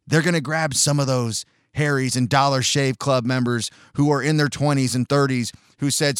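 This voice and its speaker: A man's voice: medium pitch, fairly even intonation, clear, resonant tone, dry recording, studio quality. A man giving a blunt, sarcastic opinion monologue, swearing casually and restarting phrases as he talks. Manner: halting restarts, mocks others with shouted put-on outrage. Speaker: commentator.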